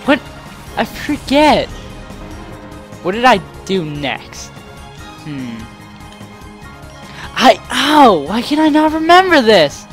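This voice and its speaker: A man's voice: very high-pitched, slow pace, long pauses, soft background music. A young man hosting a let's play, rambling animatedly through a story and acting out the people in it. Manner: rambling, animated, acts out the people in his stories. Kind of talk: casual storytelling over gameplay.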